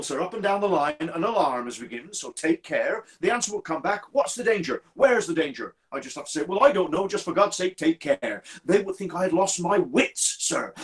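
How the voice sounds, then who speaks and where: A man doing a haunted, halting railway signalman. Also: sits high, voice pushed up. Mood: desperate. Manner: deferential, halting, repeats "sir" constantly. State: distressed and troubled. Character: haunted, anxious middle-aged male railway signalman. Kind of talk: performed storytelling.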